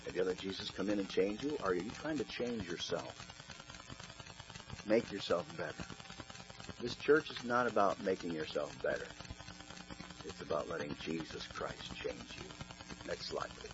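A man's voice: low voice, animated, normal speed, pauses often. A male pastor preaching a sermon, telling an earnest personal story. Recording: dull recording with faint hum.

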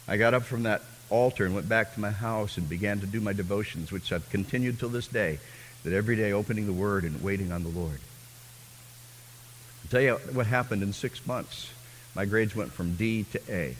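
A man preaching a personal testimony as a sermon, telling his story with fervor and swinging from hushed, quiet passages to loud, impassioned ones. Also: fairly low pitch, a little fast, long reverb tail, a little hiss or hum.

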